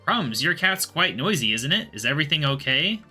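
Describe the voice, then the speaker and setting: A man's voice: fairly high pitch, big pitch swings, normal speed, bright, forceful tone, husky, faint music behind, voice pushed up, full character voice. A man reading aloud as a chatty, fussy older woman who looks after stray cats. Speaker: game character voiced while reading.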